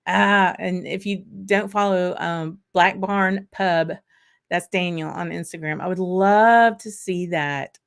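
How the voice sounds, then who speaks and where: A woman's voice: on the low side, a bit bright, clear, resonant tone. A woman with a Southern accent, from Arkansas, hosting a casual livestream and chatting in a rambling way, reading viewer comments aloud. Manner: chatty and rambling, with frequent fillers and laughter. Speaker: livestream host.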